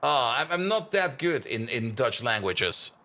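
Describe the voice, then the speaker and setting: A man's voice: mid-range voice, big pitch swings, measured pace, bright, forceful tone. A man streaming a game, chatting casually, teasing his bot and laughing often. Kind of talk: casual gaming commentary.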